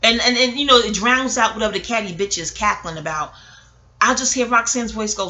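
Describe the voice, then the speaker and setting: A woman's voice: fairly high pitch, fairly quick. A woman from Queens, delivering a rambling, digressive and emotional monologue about a film. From New York, Queens. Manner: digressive, emotional, expressive, swears casually. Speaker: vlogger reviewing a film. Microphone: audio-only recording.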